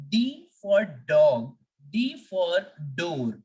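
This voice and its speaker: A woman teaching a French language lesson, speaking slowly and deliberately and repeating letters for practice. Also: mid-range voice, sing-song, recorded from a distance, rough recording.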